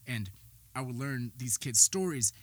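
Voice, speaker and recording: A man's voice: mid-range voice, lively intonation, a little slow. A man hosting a podcast, telling his personal story in a candid, rambling way, swearing freely and sounding slightly out of breath. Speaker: podcast host; behavioral health worker.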